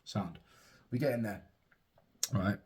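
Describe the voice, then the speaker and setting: A man's voice: on the low side, takes it slowly, a little mellow, slightly rough. A young father casually telling a heartfelt personal story and swearing freely. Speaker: father and podcast host.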